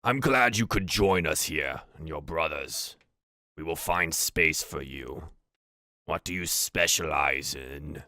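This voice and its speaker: Man as an old orc shaman in a tabletop game, low, slow, calm menace. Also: no echo, clean studio sound, full character voice. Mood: menacing. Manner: slow, measured.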